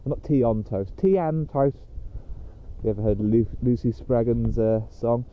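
Male podcast host, casual rambling talk outdoors, mid-pitch, phone-line tinny audio. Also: flat delivery, normal speed. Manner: rambling and chatty, with many fillers. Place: outdoors on a dog walk.

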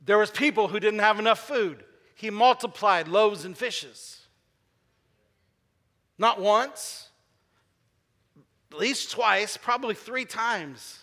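A man's voice: high-pitched, takes it slowly, pauses often, sharp tone. A man preaching a sermon as pastor, asking his congregation questions and repeating key phrases for emphasis. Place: church sanctuary. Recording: long reverb of a large hall.

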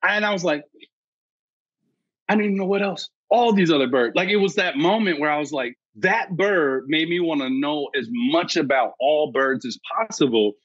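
A man, a birding educator and podcast guest, telling an excitable story and acting out his own past thoughts. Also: a little high, normal speed, dry recording, highs cut off. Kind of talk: animated storytelling.

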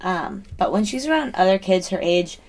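A woman in casual chat who talks in a relaxed, thoughtful way and asks about parenting. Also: lowish voice, moderate pace, creaky.

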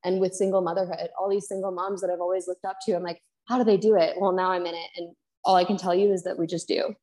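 A woman's voice: fairly low pitch, fast. A young woman from Canada, a podcast guest, telling her story candidly and heartfelt, acting out what she and others said. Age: young adult. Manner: heartfelt, quotes herself and others in lively re-enactments.

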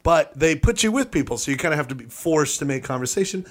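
Male podcast host, expressive range, chatty comic storyteller. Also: a little high, fast. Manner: animated storyteller, slips into voices and impressions. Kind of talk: casual comedic storytelling.

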